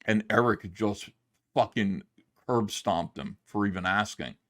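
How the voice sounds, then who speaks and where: A man's voice: lowish voice, measured pace. A middle-aged man, a comic book creator, telling a long story in a casual livestream monologue and acting out the quotes. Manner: rambling, animated retelling with acted-out quotes.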